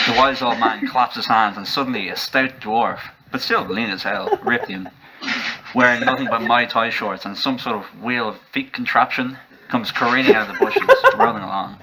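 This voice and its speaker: A man narrating a comedic story in a mock-epic deadpan style, laughing through some lines. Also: mid-range voice, moderate pace, crowd noise, rough recording.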